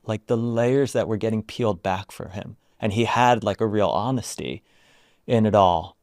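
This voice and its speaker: A man telling a story in an interview about guiding people through retreats, speaking softly and haltingly with many "like"s. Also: fairly low pitch, no echo, clean studio sound. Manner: soft-spoken, halting, full of "like". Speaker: retreat founder and guest.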